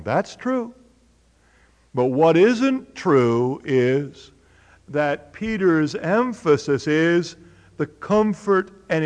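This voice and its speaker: Man teaching scripture in a reverberant hall. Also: on the high side. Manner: conversational, asks the audience questions. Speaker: preacher. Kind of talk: Bible teaching.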